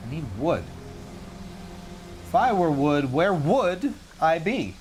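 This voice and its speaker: A man streams a video game and offers casual live commentary, animatedly talking to himself and joking about his own mistakes in a self-mocking way. His voice is fairly high and slow, with faint music behind.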